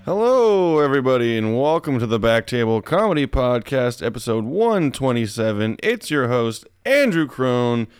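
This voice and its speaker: A man's voice: medium pitch, expressive, moderate pace, few pauses. A man hosting a comedy podcast, chatting casually and trading dry jokes with a guest. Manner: dry, joking banter. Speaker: podcast host.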